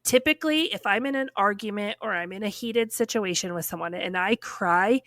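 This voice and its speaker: A woman telling a personal story on a podcast in a casual, animated way, full of fillers and acted-out quotes. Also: mid-range voice, moderate pace, no room sound, clean studio sound.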